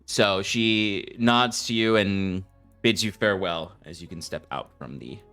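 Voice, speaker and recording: A man's voice: low-pitched, a little slow, pushed and bright, faint music behind. A man narrating a tabletop game as game master in a loose, giggly way.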